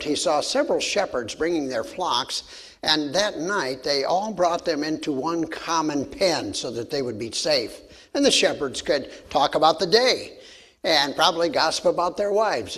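A man's voice: fairly high pitch, a bit bright, slightly rough. A man giving a sermon, reading scripture and telling stories in a folksy way with frequent restarts and fillers. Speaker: pastor.

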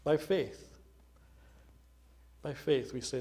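Casting note: male pastor, mid-pitched, earnest and prayerful, talking plainly to a congregation. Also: a little slow. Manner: earnest, prayerful, varying loudness. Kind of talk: spoken prayer in a church service.

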